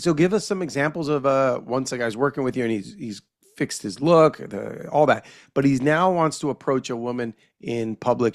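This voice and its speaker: A man hosting a podcast, interviewing a guest with long, rambling questions. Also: mid-range voice. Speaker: podcast host.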